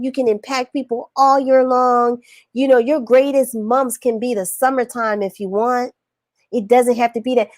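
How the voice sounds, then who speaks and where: A woman's voice: fairly high pitch, no echo. A woman business coach giving a casual, preachy motivational live-stream talk, reading viewer comments and calling them y'all. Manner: animated, preachy, colloquial, calls audience y'all. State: recovering from illness, on antibiotics.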